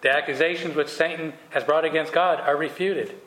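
A man's voice: fairly high pitch, fairly even intonation, brisk, a bit bright. A man leading a Bible study, reading scripture aloud and then explaining it casually with fillers. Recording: echoey room with faint noise.

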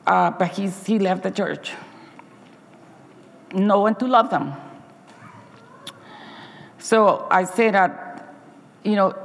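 A woman's voice: medium pitch, in a large hall. A woman Sabbath school teacher giving an earnest, heartfelt personal testimony to her church congregation, often restarting her sentences.

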